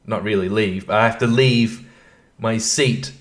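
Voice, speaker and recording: Recording alone at home through his desk's computer microphone, this podcast host wanders through topics, abandons thoughts partway, and chuckles at himself. His voice is low-ish and steady in tone, and he talks a little slowly.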